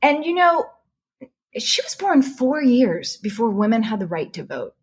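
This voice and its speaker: A woman guest telling a personal story in animated, emotional conversation, often restarting her sentences. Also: fairly high pitch, unhurried. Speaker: podcast guest.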